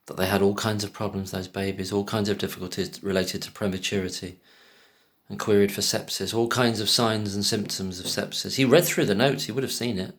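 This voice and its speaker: A man's voice: on the low side, fairly even intonation, a little fast, a bit bright. A man giving casual, scornful commentary on a podcast clip, cutting in with pointed questions. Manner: scornful, talks over clips with pointed questions.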